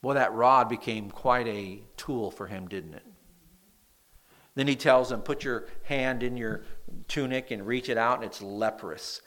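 A man with a bright, nasal voice delivers a sermon, reading scripture with lively emphasis and letting his voice drop soft at the ends of points. It sounds like he is preaching to a congregation in a church. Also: medium pitch, measured pace. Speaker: pastor.

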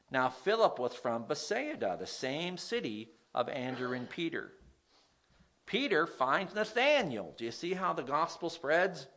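A man delivers a sermon, his voice swinging freely up and down in pitch. He speaks conversationally and keeps turning to his listeners with questions. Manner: animated, conversational, asks the audience questions. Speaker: preacher.

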